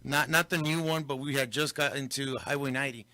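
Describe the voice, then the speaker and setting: A man's voice: medium pitch, steady tone, brisk, bright, forceful tone, no room sound. A man hosting a local radio show, telling a story and switching between English and Spanish. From Del Rio, Texas. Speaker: radio host. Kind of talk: casual radio talk.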